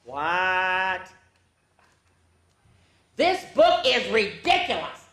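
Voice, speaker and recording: A woman reads a storybook aloud to children, slow and unhurried, with her pitch swooping widely as she plays with silly noises and voices. Her voice rings in a roomy, echoing space. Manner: playful, animated, making silly sounds and voices. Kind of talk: reading a picture book aloud to children. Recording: echoey room.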